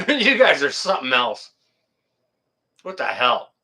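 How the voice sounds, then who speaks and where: Bright-voiced man chatting live. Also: mid-range voice, wildly swooping pitch, slow. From Canada. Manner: rambling, joking, swears mildly, laughs at chat. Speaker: livestream host. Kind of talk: casual live chat reading viewer comments.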